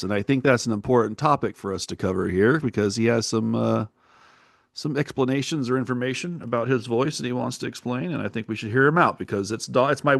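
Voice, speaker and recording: A man's voice: mid-range voice, gravelly, dry recording, studio quality. A man hosting a comedy music podcast, easygoing and laughing often. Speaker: podcast host.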